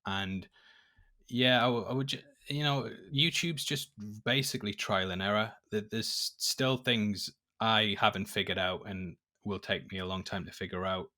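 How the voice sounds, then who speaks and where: A man with a lowish voice answers questions in an easygoing, measured way, pausing on the odd filler. His tone is bright and clear rather than dark. He sounds like a guest on a casual call-in podcast. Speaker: YouTuber guest. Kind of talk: casual interview chat. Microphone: remote call audio.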